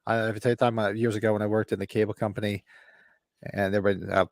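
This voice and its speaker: Animated storytelling man, dry sound. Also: lowish voice, very fast, creaky, dry recording. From New Jersey. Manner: animated storyteller, acts out quotes. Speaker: co-host of a live movie watch-along. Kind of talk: casual chat.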